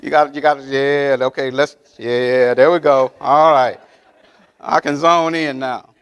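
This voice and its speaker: His mid-range voice is clear and resonant, with fairly even intonation and a measured pace. Preaching a sermon in the church sanctuary, the pastor hammers key phrases with emphasis and repeatedly checks if the congregation is with him.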